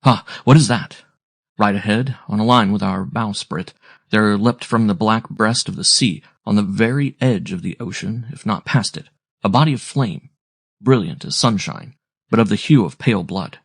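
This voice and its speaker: A man narrating a classic sea story aloud in a measured, descriptive storytelling manner. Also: lowish voice, creaky, breathy edge, no room sound, studio quality. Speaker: audiobook narrator.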